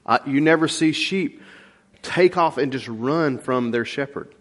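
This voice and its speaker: Male pastor, casual storytelling sermon, mid-pitched, lots of fillers. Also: a little slow. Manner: rambling, folksy storytelling with many fillers. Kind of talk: conversational sermon.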